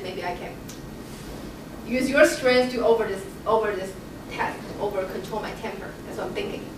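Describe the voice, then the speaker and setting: Animated woman telling a testimony, echoey room. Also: medium pitch. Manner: animated storytelling, acting out quoted voices. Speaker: Bible study member sharing a testimony. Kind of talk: casual personal testimony. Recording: echoey room, far from the mic, noisy.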